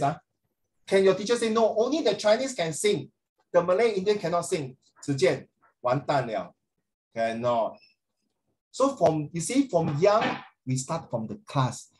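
A middle-aged man with a Singaporean accent, tutoring a class online, animated and calling on students by name. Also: fairly high pitch. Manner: animated, code-switching, questions students by name.

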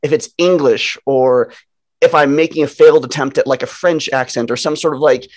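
A man co-hosting a relaxed podcast at a middle pitch. He jokes constantly, stumbles over restarts and laughs partway through his sentences. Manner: joking, halting restarts, laughs mid-sentence. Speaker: podcast co-host. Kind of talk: casual chat.

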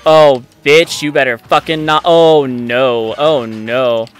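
A man giving live commentary on his own gameplay, excitable and frustrated, swearing often. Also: mid-range voice, slow, clear, resonant tone. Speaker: let's play gamer. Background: faint game music.

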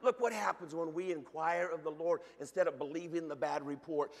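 A pastor preaching a sermon with fervent energy, often stumbling into repeated restarts. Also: male voice, a little high, brisk, gravelly, few pauses, big-room sound. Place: church sanctuary.

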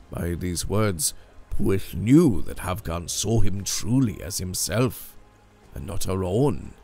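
A man retelling an old legend in measured, dramatic scripted narration. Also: deep voice, vocal fry, a little mellow, husky. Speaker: storyteller.

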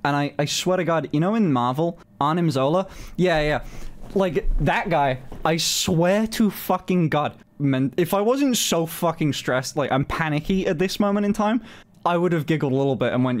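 A man telling a story on his stream in a casual, animated way, swearing often and filling his talk with "like". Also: fairly high pitch, moderate pace. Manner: animated, swears a lot, many fillers.

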